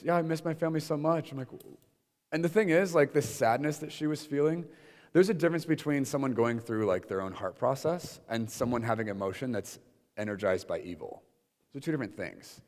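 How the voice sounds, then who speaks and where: A man's voice: medium pitch, big-room sound. A young adult man leading an informal teaching session before a room of listeners, talking conversationally with many fillers and acted-out quotes.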